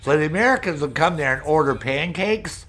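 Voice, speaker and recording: A man's voice: fairly high pitch, animated, brisk, fairly bright tone, faint music behind. A middle-aged man hosting a casual chat with viewers, telling rambling stories full of swearing. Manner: profane, rambling storyteller. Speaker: streamer host. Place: Maine, United States.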